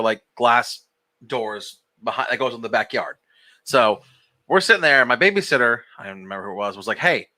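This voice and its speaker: A young man hosting a casual podcast, telling a story with lots of energy. His voice is very bright and forceful, and his pitch swings widely. He swears freely and laughs through his story. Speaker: podcast co-host. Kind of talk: casual group chat, storytelling.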